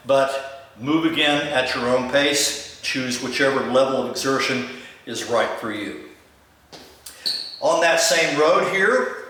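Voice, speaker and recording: A man's voice: mid-range voice, a bit bright, slight background noise. An older man teaching step aerobics moves, calling out each step as he demonstrates. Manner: coaching, calls out step moves. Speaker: fitness instructor. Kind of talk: instructional demonstration. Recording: echoey room, distant mic.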